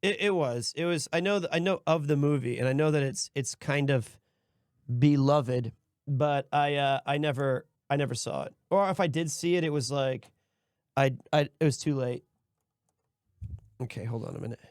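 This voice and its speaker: A man's voice: a little high, normal speed, darkish tone, no echo, clean studio sound. A man hosting a stream, chatting casually and rambling while building a model set, often restarting his sentences. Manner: rambling, self-correcting, easygoing. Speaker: streamer host.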